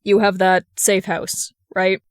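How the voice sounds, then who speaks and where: A woman voicing a gruff, protective young male vigilante with a brusque manner. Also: mid-range voice, fairly even intonation, moderate pace, no echo, studio quality, close to an everyday voice.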